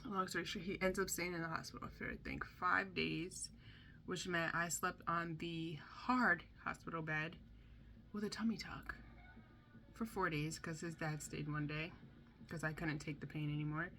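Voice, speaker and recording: Chatty young woman with a bright voice. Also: deep voice, moderate pace, a little hiss or hum. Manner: chatty, animated, acts out quotes. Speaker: mother telling a storytime. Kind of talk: candid storytime vlog.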